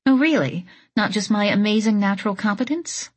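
A woman's voice: mid-range voice, a little fast, lightly acted. A woman voicing a frank, wry younger sister in an audiobook, speaking in a dry, teasing way. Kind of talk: audiobook character voice.

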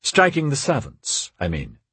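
Proud young aristocrat, voiced by a man, storybook, soothing, earnest, lively pitch. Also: unhurried, husky, no room sound, heavily acted.

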